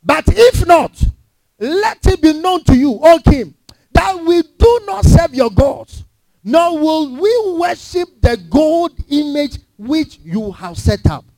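A man's voice: extremely high pitch, expressive, unhurried, warm tone, no room sound, voice pushed up, exaggerated voice. A man preacher voicing defiant young men of faith, speaking in a bold, fervent and emphatic way.

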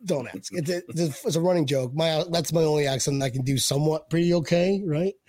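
A man's voice: fairly high pitch, fast, darkish tone, no echo. A man hosting a casual sports fan chat, joking and rambling with restarts. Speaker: podcast host.

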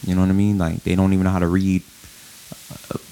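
A man's voice: deep voice, level tone, quick pace, dark tone. A man in a casual podcast debate, talking loosely and slangily with plenty of swearing. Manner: loose, slangy, rambling with profanity.

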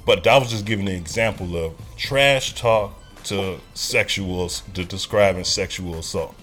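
A man's voice: low-pitched, measured pace, fairly bright tone, soft background music. A man hosting a casual podcast, telling a loose, profane story. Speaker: podcast host.

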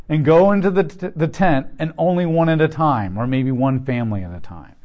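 A man with a fairly high speaking voice teaches from scripture in a relaxed, conversational way. He explains the text plainly and drops in casual asides and rhetorical questions as he goes. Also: muffled recording. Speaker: Bible teacher.

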